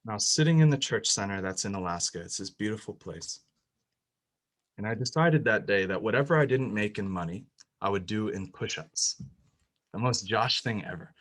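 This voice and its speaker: A young man shares a personal faith testimony with strong emotion, restarting often and growing louder and higher as he reaches the climax. His voice is on the low side with lively intonation and a moderate pace, captured in a rough recording.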